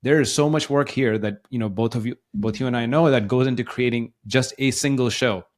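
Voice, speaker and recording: A man's voice: medium pitch, brisk. A man co-hosting a podcast who works as a coach, giving encouraging, motivational advice in a casual conversation. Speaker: podcast co-host and life coach.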